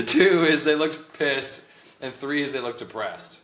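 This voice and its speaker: Young adult man, laid-back, laughs often, bright tone, echoey room. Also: on the high side, slow. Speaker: host, copywriting coach. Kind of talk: casual podcast chat. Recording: roomy echo.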